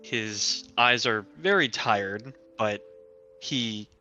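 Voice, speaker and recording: A man playing a tabletop game who describes his character in a slow, hesitant way. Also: on the low side, sharp tone, soft background music. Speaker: player.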